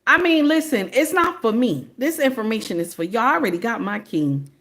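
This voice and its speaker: A woman's voice: on the high side, lively intonation, fairly quick, a bit bright. A woman in her forties with a Southern US accent, talking casually and preachily on a livestream and calling her viewers "baby". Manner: preachy, sassy, talks straight to viewers with "baby" and "okay?". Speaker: livestream host.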